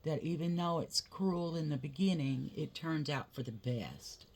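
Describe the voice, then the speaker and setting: A woman's voice: low-pitched, measured pace, a little mellow, a little hiss or hum. A woman telling a rambling family story in casual chat while doing her makeup, full of fillers. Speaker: vlogger, mother.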